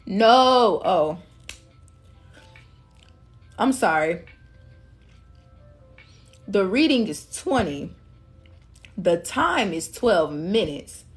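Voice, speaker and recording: A woman's voice: on the low side, expressive, slow pace, pauses often, faint music behind. A woman giving a casual live-stream tarot reading, chatty and laughing often, calling listeners love and queen. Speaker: tarot reader.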